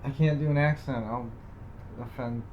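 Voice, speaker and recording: A man's voice: medium pitch, fairly even intonation, moderate pace, muffled recording, a little hiss or hum. A young man co-hosting a podcast in casual chat, rambling with lots of fillers and self-deprecating asides. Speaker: podcast co-host.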